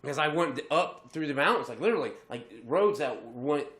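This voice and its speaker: Lively, bright-voiced podcast storyteller guy. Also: a little high, moderate pace, slight background noise. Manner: profane, laughing often while telling a story. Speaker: podcast co-host. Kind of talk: casual storytelling chat.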